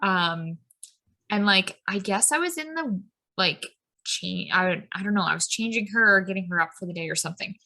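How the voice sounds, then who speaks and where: Speaking at a moderate pace, a woman in her thirties has a medium-pitched, expressive voice with a pushed, bright quality. As co-host of a podcast, she chats casually about spiritual matters, drifting through tangents with lots of "like" and "um."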